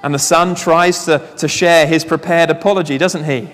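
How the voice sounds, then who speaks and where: A man preaching a sermon, telling a Bible story with lively asides and questions to the congregation. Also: on the high side, moderate pace, faint music behind. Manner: animated storytelling, reads scripture aloud, asks the congregation questions. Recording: long reverb of a large hall.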